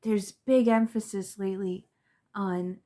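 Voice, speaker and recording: Woman, tarot reader, earnest, halting repeats, soft trailing phrases. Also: mid-range voice, fairly even intonation. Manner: reflective, repeats words and restarts, soft trailing endings. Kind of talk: spiritual reading to camera.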